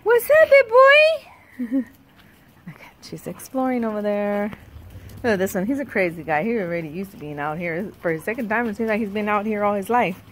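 A woman's voice: medium pitch, quick pace. A woman chatting casually as she films her dogs outside on a phone, cooing at the puppies in baby talk and laughing often. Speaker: dog owner vlogger. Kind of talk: casual chat. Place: outdoors in a yard. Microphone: handheld phone. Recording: noisy outdoor phone recording.

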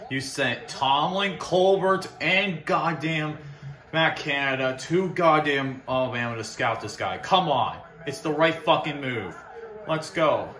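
A man reacting live to a sports draft pick, swearing constantly and repeating himself as he pleads and then shouts. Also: mid-range voice, roomy sound. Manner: profane, anxious pleading turning to wild shouting joy.

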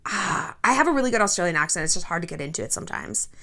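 A woman's voice: mid-range voice, very fast, gravelly. A woman hosting her own vlog, chatting casually to the camera and saying "like" a lot. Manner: chatty, animated, says "like" often. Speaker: vlog host.

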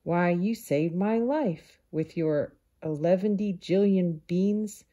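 A woman's voice: fairly low pitch, slow, mellow. Woman doing a carefree grasshopper fiddler. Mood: cheerful. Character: carefree male grasshopper musician, easygoing.

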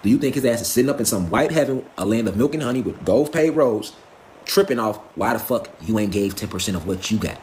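A man's voice: lowish voice, lively intonation, quick pace, darkish tone, slight background noise. A man giving a profane, preachy live stream lecture, firing off rhetorical questions. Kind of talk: impassioned live stream rant.

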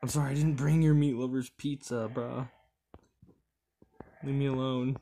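A man's voice: mid-range voice, normal speed, slight background noise. A man giving gameplay commentary on a horror game, swearing often and reacting in jumpy outbursts. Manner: profane, jumpy, excitable reactions. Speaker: gamer.

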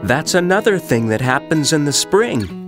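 A man doing a gentle, patient big bear. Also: a little high, very animated, music in the background, pitched above the performer's own voice. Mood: cheerful. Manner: patient, reassuring, explains slowly.

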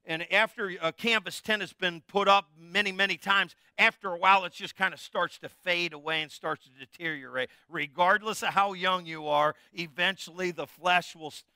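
A man's voice: high voice, normal speed, hardly any pauses, sharp tone, clear, resonant tone, no echo, clean studio sound. A middle-aged man, a pastor, preaching a conversational, jokey sermon with call-and-response to his congregation.

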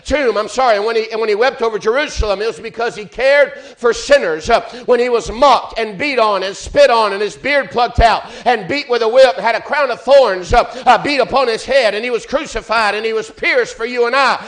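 A man preaching a fervent sermon in church, building rhythmic refrains and swinging between loud and hushed. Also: extremely high pitch, brisk, few pauses. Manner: fervent, rising and falling in volume, repeated refrains.

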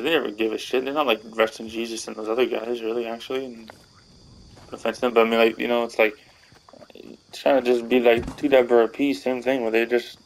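A man's voice: mid-range voice, vocal fry, a little hiss or hum, rough recording. A man vlogging a crude, dismissive rant to camera, laughing at his targets. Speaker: gaming and wrestling vlogger.

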